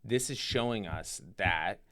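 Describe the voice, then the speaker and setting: Low-voiced man rambling about politics. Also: a little slow, clear, resonant tone, no echo, studio quality. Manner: rambling, animated, lots of fillers and restarts. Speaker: podcast co-host. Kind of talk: casual political chat.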